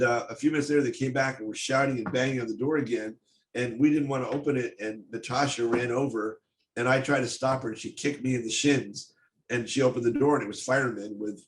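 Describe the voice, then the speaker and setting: An older man giving a personal storytelling talk on stage, speaking in a halting, intense way with many restarts. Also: mid-range voice. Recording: echoey room, faint noise.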